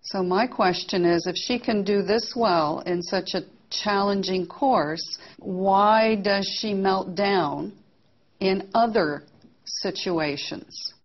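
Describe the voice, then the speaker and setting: A woman giving expert commentary on a TV show in a measured, analytical way. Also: mid-range voice. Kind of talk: TV interview commentary. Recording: dull lo-fi TV audio with faint music.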